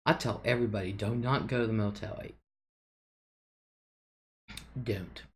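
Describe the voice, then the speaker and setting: A woman's voice: rumbling low, steady tone, a little slow, a little hiss or hum. A woman hosting a casual livestream, chatting loosely, reading viewer comments aloud and laughing often. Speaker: livestream host.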